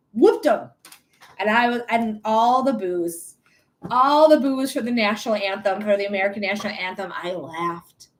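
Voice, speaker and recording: A young adult woman doing live psychic readings, chatting casually, swearing freely and laughing often. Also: medium pitch. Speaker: psychic reader on a live stream. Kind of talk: casual live-stream chat.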